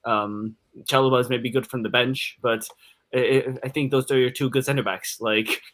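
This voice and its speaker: A man's voice: medium pitch, fairly even intonation, moderate pace, fairly bright tone. A man co-hosting a casual football podcast, giving opinions with lots of hesitations and fillers. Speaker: podcast co-host.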